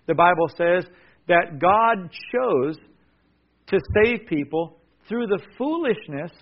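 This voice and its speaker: A man preaching with a slightly high voice, pressing each key word again and again and calling on listeners to say it with him. The sound is dull and lo-fi, like an old radio broadcast. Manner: emphatic, repetitive, call-and-response. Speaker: pastor. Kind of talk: sermon.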